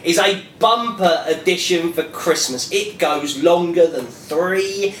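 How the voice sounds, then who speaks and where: Male podcast host, high-pitched, casual and sweary, roomy echo. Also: slow, fairly bright tone, recorded from a distance, slight background noise. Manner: chatty, sweary, jokey.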